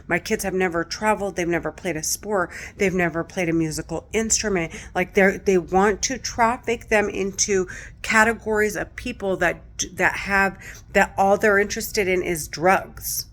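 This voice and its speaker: Woman, middle-aged, distressed, agitated, repetitive, heavy swearing, mid pitch. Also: steady tone, moderate pace, fairly bright tone. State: distressed, close to tears. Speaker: vlogger. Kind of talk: agitated direct-to-camera monologue.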